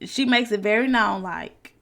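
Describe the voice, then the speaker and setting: A woman's voice: mid-range voice, measured pace, vocal fry, a bit bright. A woman hosting a reaction video, chatting casually and colloquially about a clip.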